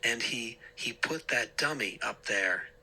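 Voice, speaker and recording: A man's voice: mid-range voice, expressive, slow, bright, forceful tone, exaggerated voice, poor audio. A man voicing a whiny teenage boy who wails over his ruined shirts. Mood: upset. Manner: wailing, whiny. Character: whiny upset teenage brother.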